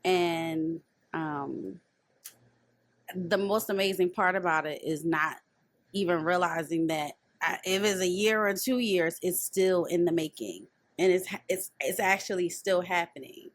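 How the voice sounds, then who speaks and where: A woman guest on a podcast in casual chat, talking in an expressive, reflective way and laughing easily. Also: lowish voice, a little slow, dry recording.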